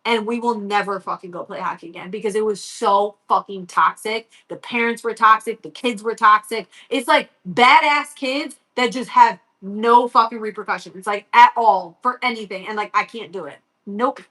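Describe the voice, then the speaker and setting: A woman's voice: medium pitch, moderate pace, few pauses, pushed and bright. A woman in her thirties hosting a livestream, telling a story in a blunt, worked-up rant full of swearing. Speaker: livestream host.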